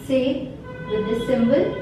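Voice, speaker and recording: Slow, patient woman teaching in an echoey room. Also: high-pitched, recorded from a distance, background noise. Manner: patient, repeats each word several times. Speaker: French teacher. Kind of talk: slow beginner vocabulary lesson.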